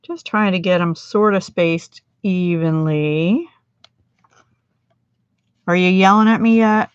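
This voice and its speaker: A woman's voice: lowish voice, slow pace, clean tone, no room sound. Woman, middle-aged, chatty craft livestream, self-deprecating, dull dry sound. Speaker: card-making demonstrator.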